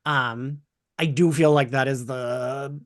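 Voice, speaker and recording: A man hosting a casual podcast chat, talking in a rambling, animated way with lots of fillers. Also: medium pitch, slow, no room sound, studio quality. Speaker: podcast host.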